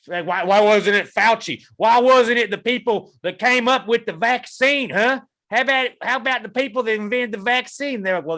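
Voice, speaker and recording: Bright-voiced ranting podcast co-host man. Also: high voice. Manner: profane, ranting, gets heated. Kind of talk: casual podcast banter.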